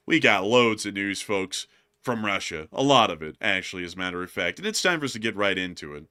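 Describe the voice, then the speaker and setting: A man's voice: on the low side, brisk, smooth. A man hosting a casual war news commentary show, talking through headlines with a co-host. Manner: animated, jokes and laughs with co-host.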